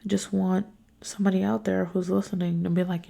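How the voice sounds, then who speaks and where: A woman's voice: on the low side, level tone, a little fast, gravelly, dark tone. A young woman hosting a solo podcast, sick and worn out, talking frankly and with plenty of swearing. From New York. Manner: weary, frank and profane. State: sick, congested. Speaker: podcast host. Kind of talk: casual solo podcast venting.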